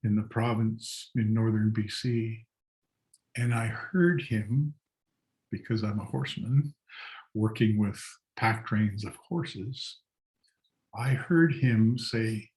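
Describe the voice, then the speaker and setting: An older man speaks on a video call and tells his stories at an unhurried, deliberate pace. His voice sits a little low and he breaks into soft laughs now and then. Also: low-quality recording. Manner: slow, reflective, with soft laughs. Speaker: guest artist and storyteller. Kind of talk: storytelling talk.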